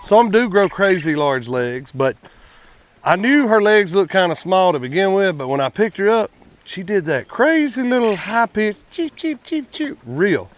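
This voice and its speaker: Folksy man with a lively voice. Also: high-pitched, moderate pace, a little hiss or hum. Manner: folksy, chatty, addresses viewers as y'all. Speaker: quail farmer and channel host. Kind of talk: casual outdoor vlog. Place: outdoors at quail pens.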